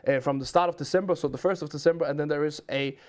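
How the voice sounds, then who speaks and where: A man's voice: fairly high pitch, steady tone, rapid-fire, a little mellow. A man from Denmark with a Danish accent, a livestream host telling rambling stories and answering chat questions in casual chat.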